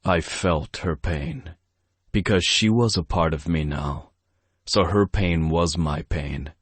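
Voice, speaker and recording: A man narrating a first-person romance audiobook in a brooding, steady way on a close studio mic. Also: deep voice, slow, slightly rough, no echo.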